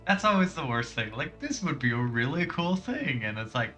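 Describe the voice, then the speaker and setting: A man's voice: mid-range voice, animated, moderate pace, pushed and bright, soft background music. A man streaming a game, talking casually and rambling off on tangents. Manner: rambling and tangent-prone, heavy use of "like". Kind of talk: casual gameplay commentary.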